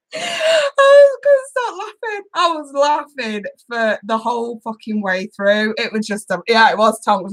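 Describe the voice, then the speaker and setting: A woman's voice: on the high side, fairly bright tone. A young woman hosting a casual live stream, chatting with her viewers and often laughing and swearing. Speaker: tarot channel host.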